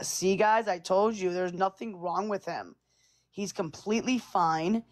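A young woman talks in a casual vlog with a middle-pitched voice. She coaxes and soothes her cat in repetitive baby talk, circling back to the same reassurances. Her delivery is loose and unscripted. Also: measured pace. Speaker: vlogger talking to her cat.

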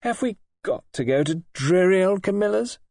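A man's voice: a little high, lively intonation, normal speed, a little mellow, no echo, voice pushed up. A man reading an audiobook and voicing a petulant, spoiled young wife in a coaxing, sulky, lightly raised voice. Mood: resentful.

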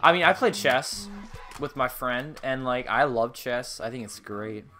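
A young man on a gaming livestream, rambling and cracking jokes to his viewers mid-match. His voice is bright and pushed forward. Faint music plays underneath. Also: medium pitch, measured pace. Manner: joking, rambling, talks to chat while playing. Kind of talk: casual gaming livestream chat.

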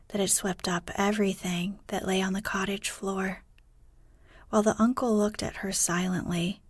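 A woman narrating a bedtime story in a soft, hushed, partly whispered way, unhurried and calm. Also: mid-range voice, no echo.

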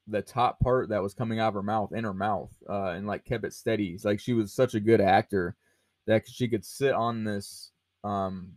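With a fairly low pitch and a slightly mellow quality, this podcast host chats loosely about a film. The recording is dry, and he rambles with frequent fillers and restarts.

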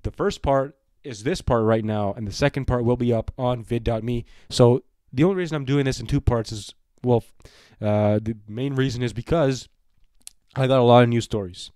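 A man's voice: medium pitch, moderate pace, a little mellow, clean tone, no echo, studio quality. Rambling man hosting wrestling news. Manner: rambling, repeats himself, restarts often. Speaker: wrestling news channel host. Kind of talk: casual solo commentary.

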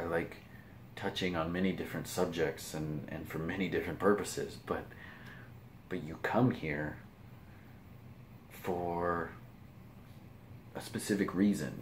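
A man's voice: sits low, a little hiss or hum. A man from the US Pacific Northwest rambling casually to camera as a vlogger, restarting phrases and poking fun at himself, with slightly mumbled words.

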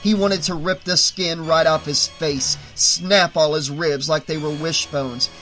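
A man narrating a horror audiobook in a bright, forceful voice that sits a little high for a man. He reads with dramatic, tense storytelling. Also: steady tone, unhurried, soft background music.

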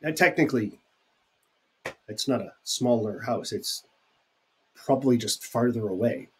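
A man's voice: medium pitch, unhurried, slight background noise. A man teaching sign language vocabulary in a recorded video lecture, chatty and informal, with fillers and asides.

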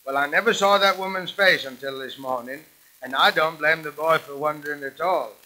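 A man delivering a 1920s music-hall comic monologue, with quick patter and punchlines as a bumbling policeman. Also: on the high side, bright, forceful tone. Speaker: comedian.

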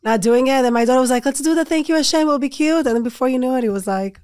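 A woman speaking as a guest on a podcast, talking casually and turning soft and halting at the painful moments. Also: sits high, clear, resonant tone, dry recording, clean studio sound. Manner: soft-spoken, halting when speaking of grief. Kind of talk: casual interview conversation.

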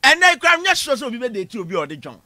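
A man giving a comic classroom lecture, animated, shouting punchlines and laughing at his own jokes. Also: very high-pitched, rapid-fire, dry recording. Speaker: comedy lecturer.

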